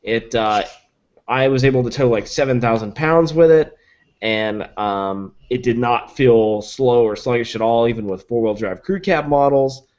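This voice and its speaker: A man's voice: medium pitch, normal speed, darkish tone. Guy gushing about a truck he drove, lots of likes and ums, kinda muffled live stream sound. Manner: enthusiastic, rattles off specs with many likes and ums. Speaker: podcast guest, truck reviewer. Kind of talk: casual podcast chat.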